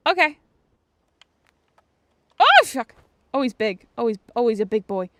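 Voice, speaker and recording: A woman giving casual game commentary as a streamer. She gets excitable, swears often and jumps into squeals. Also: a little high, fast, dry recording, clean studio sound. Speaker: VTuber streamer.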